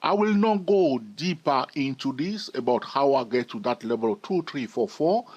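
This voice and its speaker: A man with a husky voice walks through a chart analysis lesson on trading. His pitch swings widely as he stresses points, and he repeats key phrases for emphasis. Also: lively intonation, normal speed, darkish tone, muffled recording. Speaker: trading educator.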